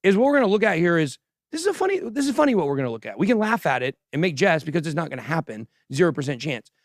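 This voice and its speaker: Man, livestream host, boastful joking banter, slightly high voice, dry close sound. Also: big pitch swings, rapid-fire, no echo. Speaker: host of a crypto news livestream. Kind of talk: casual livestream commentary.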